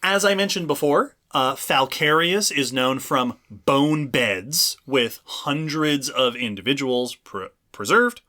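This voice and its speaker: A man's voice: mid-range voice, slow pace, hardly any pauses, bright, forceful tone. A man co-hosting a casual podcast, explaining at length with frequent restarts. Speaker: podcast co-host. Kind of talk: casual chat.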